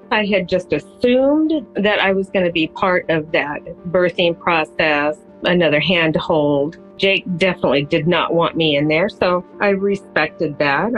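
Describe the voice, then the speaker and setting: A woman interviewed for a podcast, recalling events in a measured, reflective way. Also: on the low side, rough recording. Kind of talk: reflective recollection.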